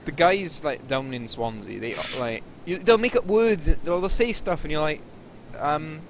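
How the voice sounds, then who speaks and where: A young man speaks English and rambles hesitantly, full of fillers and restarts. His voice sits at an average pitch. A faint hiss runs under his speech. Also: animated, normal speed, gravelly. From Wales. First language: Welsh. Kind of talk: casual chat.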